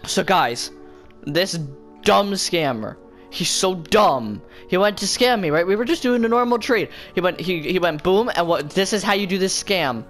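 A male gaming YouTuber giving excited, taunting commentary over voice chat, bossing another player around and yelling gleefully. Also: high-pitched, normal speed, soft background music. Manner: bossy, taunting, yells gleefully.

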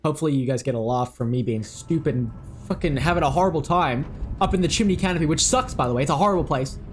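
Young man, gameplay commentary, excitable, cursing, fairly high voice, faint game music. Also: fast. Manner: excitable, swears, talks to himself. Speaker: gaming video creator.

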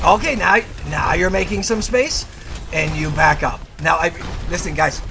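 A man's voice: on the high side, creaky, bright, forceful tone, a little hiss or hum. A man hosting comedic video game review commentary, brash and profane with a mock-angry edge. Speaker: gameplay reviewer and host.

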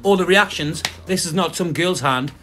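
A man's voice: fairly high pitch, normal speed, sharp tone, a little hiss or hum. Swearing man ranting at clips. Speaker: reaction video host. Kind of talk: profane comedic rant.

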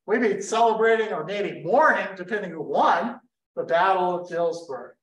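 A man from giving a lively history talk to an audience, telling the story with energy and throwing questions at the room. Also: high voice, moderate pace. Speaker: history speaker. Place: lecture room in a history center. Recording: roomy hall, voice picked up from a distance.

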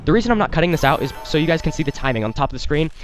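A man's voice: on the high side, lively intonation, rapid-fire, faint music behind. A man hosting a let's play, giving rambling, apologetic gameplay commentary into a headset mic. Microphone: desktop headset mic.

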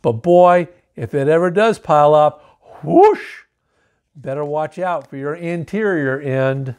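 A man's voice: on the high side, measured pace, darkish tone, clean tone. A man reading a picture book aloud, with wry, joking asides between the story lines. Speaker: storybook reader.

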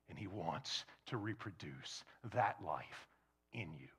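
A man preaching a sermon to a congregation, shifting between loud emphasis and hushed near-whispers, and acting out imagined questioners. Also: low voice, wildly swooping pitch, takes it slowly, pauses often, breathy edge. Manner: acts out imagined questioners in quoted asides. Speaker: pastor.

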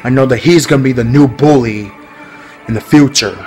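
A man's voice: medium pitch, a little fast, a little mellow, faint music behind, low-quality recording. A man talking casually to his viewers in a rambling, repetitive vlog, often laughing. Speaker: vlogger.

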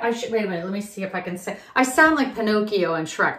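A woman's voice: mid-range voice, big pitch swings, a little fast, hardly any pauses, a bit bright. A chatty woman talks her way through an unboxing, rambling and thinking aloud as she goes and laughing now and then. She is recorded in a roomy, echoey space at home, with a faint hiss underneath. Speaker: reseller unboxing grab bags. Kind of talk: casual unboxing vlog.

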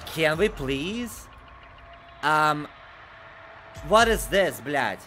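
A man livestreams a horror game, casually chatting with viewers and reading their messages out loud, moving between quiet mumbling and loud, excited outbursts. Very slow, faint music plays underneath.

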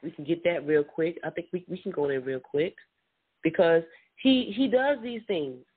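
Husky preacher on a tinny phone line. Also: medium pitch, moderate pace. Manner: repeats words and restarts, affirms with mm-hmm. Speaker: Bible teacher. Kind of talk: informal sermon with scripture reading.

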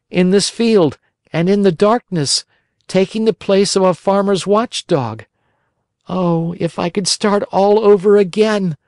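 A man voicing a remorseful wooden puppet boy, weak and frightened, in a high, plaintive, pleading voice for an audiobook. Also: darkish tone, dry recording, studio quality. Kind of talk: audiobook reading.

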